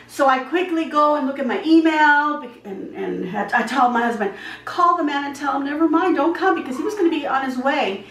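While she cooks in her home kitchen, a woman vlogger tells a long, rambling story full of chatty asides. Her voice sits high with a fairly bright tone. She's off-mic, far away, in an echoey space.

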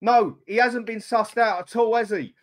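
A man's voice: sits high, steady tone, normal speed. An angry middle-aged man ranting sweary football opinions on his fan channel live stream, blunt and fuming.

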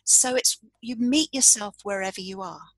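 A woman coach leading a calm, step-by-step tapping demonstration, saying the tapping phrases aloud as she explains each point. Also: medium pitch, moderate pace, dry recording, rough recording. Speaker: coach and tapping practitioner, podcast guest.

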